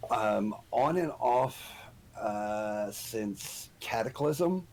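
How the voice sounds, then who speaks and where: A man's voice: lowish voice, animated, extremely slow, darkish tone, slight background noise, poor audio. A middle-aged man, a guest on the show, telling a story in casual chat with lots of ums and restarts. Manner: rambling storyteller with many ums. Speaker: podcast guest.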